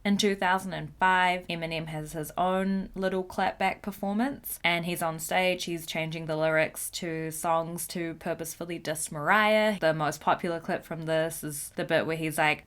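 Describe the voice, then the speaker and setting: A woman's voice: on the low side, moderate pace, few pauses, fairly bright tone. A woman hosting a casual pop-culture commentary show, chatty and giggly, swearing now and then. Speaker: host.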